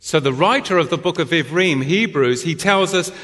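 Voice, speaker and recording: A man's voice: on the high side, moderate pace, a bit bright. A British man teaching scripture, posing rhetorical questions and then answering them. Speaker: Bible teacher. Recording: long hall reverb.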